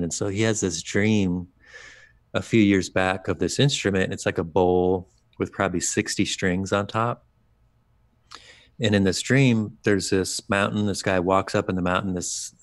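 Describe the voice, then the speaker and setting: A very deep-voiced man spins a long anecdote in relaxed, everyday speech, voicing the people in the story as he goes. The sound is close and dry, with no room around it. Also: no room sound. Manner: lively, informal, quotes other people's words in dialogue. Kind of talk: casual storytelling.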